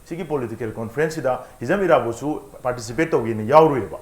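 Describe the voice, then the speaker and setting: A man speaks as a guest on a television panel, laying out his points earnestly and pausing often to search for words. He talks at a very fast clip. His voice sounds roomy, with the studio echo clearly heard. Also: mid-range voice. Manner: fast, earnest explaining with many pauses.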